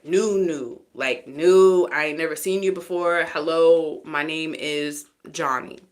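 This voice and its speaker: A woman reading tarot live, chatty and teasing, often laughing between cards. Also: deep voice. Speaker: tarot reader.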